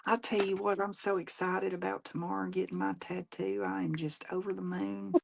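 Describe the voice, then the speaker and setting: A woman's voice: mid-range voice, little pitch movement, moderate pace, gravelly. A woman, chatting casually and folksily while she crafts, rambling and laughing often. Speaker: craft show host; nurse.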